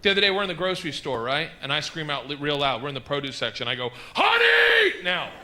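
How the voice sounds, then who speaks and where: A middle-aged man doing a stand-up comedy set, telling stories loudly with shouted punchlines, recorded live on stage with audience noise. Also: fairly high pitch, racing. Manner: loud, animated storytelling with shouted punchlines.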